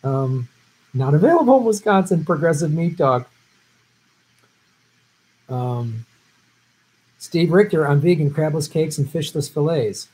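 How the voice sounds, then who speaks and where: A man's voice: on the high side, expressive, unhurried, long pauses, darkish tone, rough recording. A middle-aged man hosting a casual stream, reading viewer comments aloud and answering them with loose, rambling jokes. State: vegetarian who travels for work. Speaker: host answering viewer questions. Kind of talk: casual live-stream chat.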